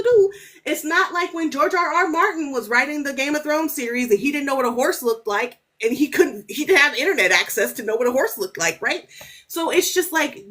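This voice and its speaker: A woman author telling stories as a podcast guest in casual, animated chat, cursing freely. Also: fairly high pitch. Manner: animated, storytelling, swears freely.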